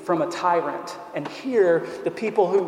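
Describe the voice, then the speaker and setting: A man's voice: high voice, moderate pace. A man preaching a sermon in a church, who stresses his points by repeating phrases and asking rhetorical questions. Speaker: pastor. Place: church sanctuary. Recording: echoey hall with long reverb.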